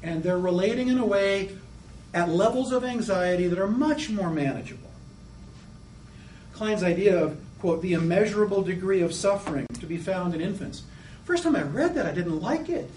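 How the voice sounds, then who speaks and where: A man lecturing to a class, animated and acting out the voices of children as he explains. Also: sits high, normal speed, a little hiss or hum. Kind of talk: lecture on psychoanalytic theory. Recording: echoey room, mic at a distance.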